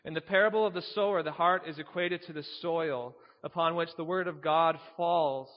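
A man's voice: on the high side, fairly even intonation, normal speed, in a large hall, lo-fi sound. A man preaching a sermon, teaching earnestly, reading scripture aloud and posing rhetorical questions.

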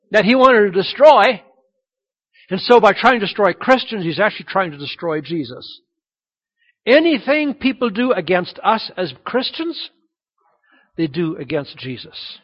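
Male pastor, middle-aged, high voice, lively sermon delivery, dull lo-fi recording. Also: long reverb tail. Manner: animated, acts out quoted voices. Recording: dull lo-fi sound.

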